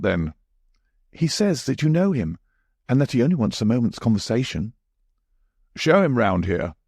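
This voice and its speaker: Low-voiced man narrating a story. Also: darkish tone, no echo, studio quality. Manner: measured storytelling. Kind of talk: scripted audiobook narration.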